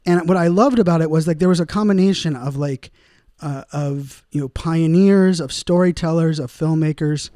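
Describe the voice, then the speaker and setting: A man's voice: a little high, warm tone, dry recording, studio quality. Rambling man hosting a casual podcast. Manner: rambling, many fillers, laughs at own puns. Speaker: podcast host. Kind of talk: casual solo podcast monologue.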